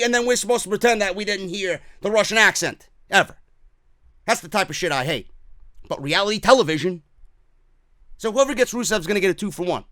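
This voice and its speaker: A man's voice: high-pitched, fairly bright tone, no echo. A man with a New York accent hosting a wrestling talk show, giving blunt, profane, emphatic opinions in casual commentary.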